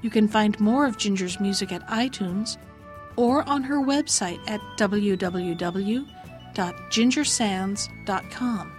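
A woman storyteller reading a fairy tale aloud in a calm, measured way. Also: medium pitch, soft background music.

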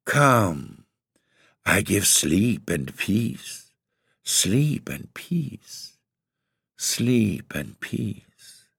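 A man voicing a seductive female vampire who speaks in a soft, soothing, slow and lulling voice. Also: lowish voice, big pitch swings, gravelly, breathy edge, no echo, clean studio sound, voice pushed up, exaggerated voice.

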